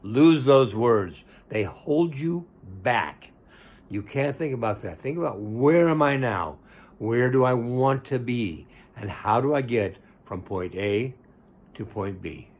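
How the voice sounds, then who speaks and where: A man's voice: medium pitch, lively intonation. A man giving an informal, earnest Torah lesson as a rabbi, talking conversationally and stretching out the words he stresses. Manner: earnest, conversational, drawn-out emphasis.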